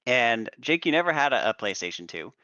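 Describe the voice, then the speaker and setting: A young man co-hosting a gaming podcast, explaining at a measured pace with hesitant pauses, on a slightly dull recording. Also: mid-range voice, big pitch swings, pushed and bright, clear, resonant tone, no room sound. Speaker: podcast co-host. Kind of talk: casual chat.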